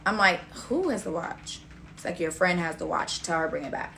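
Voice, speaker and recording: Bright-voiced young woman telling a story. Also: lowish voice, brisk, gravelly, slight background noise. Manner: blunt, profane, acts out quoted dialogue. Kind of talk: casual storytime rant.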